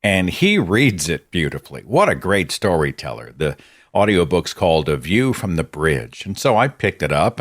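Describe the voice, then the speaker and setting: A middle-aged man hosting a podcast monologue, impassioned and exasperated, moving between dry asides and outbursts. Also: low voice. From Oklahoma, USA. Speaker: podcast host.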